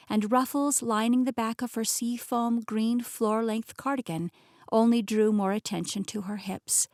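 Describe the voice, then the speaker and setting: A woman narrating a novel in first person with lively, expressive delivery. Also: on the high side, no room sound, clean studio sound. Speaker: audiobook narrator.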